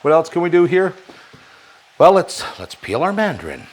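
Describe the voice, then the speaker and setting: Lively, jokey man cooking at the stove. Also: a little high, moderate pace, long pauses, slight background noise. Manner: rambling, jokey asides to the viewers. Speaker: home cooking show host. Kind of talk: casual cooking demonstration. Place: kitchen at a stove.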